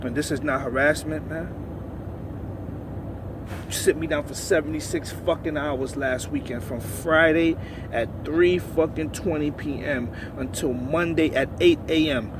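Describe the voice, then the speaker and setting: Agitated, profane truck driver ranting outdoors. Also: male voice, fairly high pitch, measured pace. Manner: profane, agitated, rising to shouts. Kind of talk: angry vlog rant. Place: outdoors by a truck at a loading yard. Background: faint vehicle and outdoor noise.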